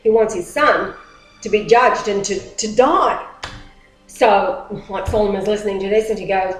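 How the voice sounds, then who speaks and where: A woman's voice: medium pitch, measured pace, faint music behind. A woman with a mid-range voice tells a story in a loose, conversational way. She rambles with animation and often restarts sentences. The recording has a roomy echo. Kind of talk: casual storytelling talk.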